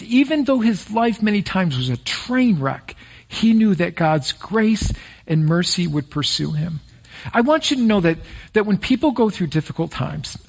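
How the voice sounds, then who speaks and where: A middle-aged male pastor preaching a sermon in a folksy, personal way, telling stories and slowing down to stress key phrases. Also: high-pitched, husky. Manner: folksy and personal, prays then tells stories.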